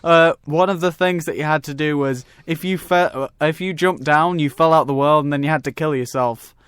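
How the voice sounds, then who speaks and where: Smooth-voiced young co-host. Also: male voice, a little high, fairly quick, fairly bright tone, dry recording. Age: teens. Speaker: podcast co-host. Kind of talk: casual chat. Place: recording studio.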